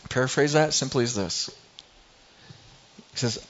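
A man's voice: medium pitch, moderate pace, highs cut off. A man preaching a sermon as a pastor, earnest and asking rhetorical questions.

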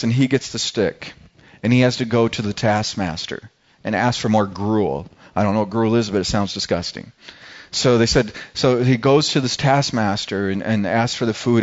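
A middle-aged man preaching a sermon in a conversational way, stumbling and repeating words as he goes. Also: mid-range voice. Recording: dull lo-fi recording.

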